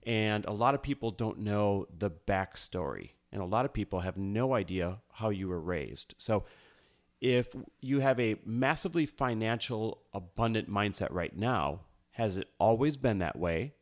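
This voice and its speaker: A man in his thirties hosting a podcast and interviewing his wife, upbeat and energetic. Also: fairly low pitch, unhurried. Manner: energetic, hyped intro. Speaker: podcast host.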